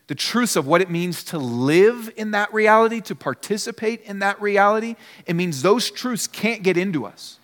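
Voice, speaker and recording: A pastor delivering a sermon, his fairly high voice carrying through a church hall with a long, ringing reverb. He speaks earnestly and with emphasis, circling back to repeat key lines. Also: fairly bright tone. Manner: earnest, emphatic preaching with repetition.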